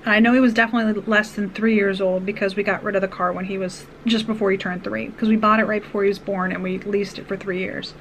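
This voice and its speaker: A woman vlogger tells a personal story in an earnest, rambling way, circling back with restarts and asides. Her voice sits at a middle pitch. A faint hiss runs under her words. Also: level tone, fast, hardly any pauses, fairly bright tone, low-quality recording.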